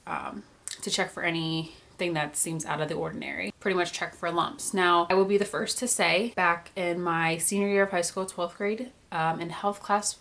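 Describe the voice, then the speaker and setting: A woman's voice: fairly low pitch, fairly bright tone. Emotional young woman telling a personal story. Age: early 20s. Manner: candid, emotional, many filler "like"s. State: holding back tears. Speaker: vlogger.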